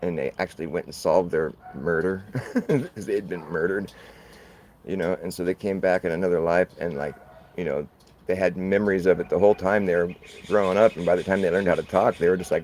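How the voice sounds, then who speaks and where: Deep-voiced man rambling casually. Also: fairly even intonation, a little fast, a little mellow, slight background noise, poor audio. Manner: rambling, laughs often, swears casually. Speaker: channel host.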